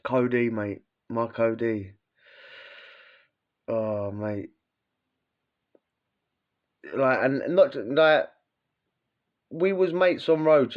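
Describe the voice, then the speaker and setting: Slangy British man with dull sound. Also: fairly low pitch. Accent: British English. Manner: slangy, swears freely, laughs through stories. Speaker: former prisoner telling stories. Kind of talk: casual storytelling.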